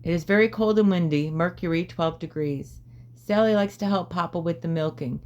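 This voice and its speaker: A woman calmly narrating a storybook as an audiobook reader, in a measured way. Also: lowish voice.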